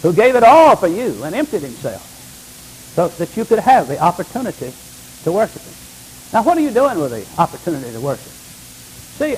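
An older male pastor preaches with a fairly high, very animated voice that leaps between hushed asides and loud, emphatic lines. A faint hiss sits under the recording. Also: rough recording. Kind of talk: sermon.

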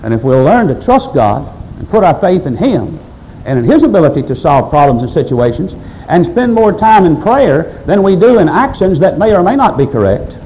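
A man's voice: a little high, warm tone, a little hiss or hum, rough recording. A man preaching a sermon to his church, quoting scripture and pressing his points with emphatic delivery. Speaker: pastor.

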